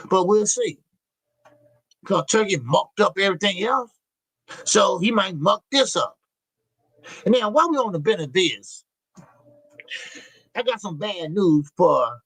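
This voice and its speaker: A man's voice: sits high, fairly bright tone, breathy edge, dry recording, rough recording. A man hosting a live boxing talk stream, reading chat messages and talking in a loose, slangy, repetitive way. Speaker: boxing show host.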